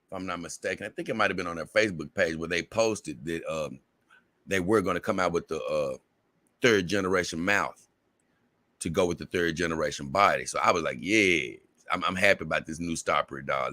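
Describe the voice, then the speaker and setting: A low-pitched man with a Southern US accent and a sharp tone hosts a casual livestream, rambling through viewer comments, repeating words and laughing often. The studio-quality audio has no room sound.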